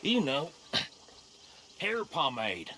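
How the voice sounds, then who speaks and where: A man's voice: a little high, wildly swooping pitch, drawn-out words, bright, forceful tone, a little hiss or hum, heavily acted. An actor playing a vain, folksy male camp member, asking favors. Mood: wheedling.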